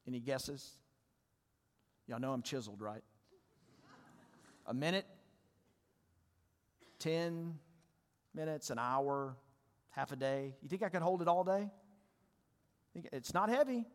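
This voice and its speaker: Conversational pastor preaching in a reverberant church. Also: male voice, a little high, slow pace, long pauses. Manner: conversational, animated, asks the congregation questions. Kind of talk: sermon. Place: church sanctuary.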